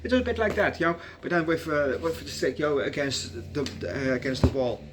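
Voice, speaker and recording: A man's voice: mid-range voice, a little fast, noisy background. Rambling man reviewing a movie. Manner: rambling, many fillers and restarts.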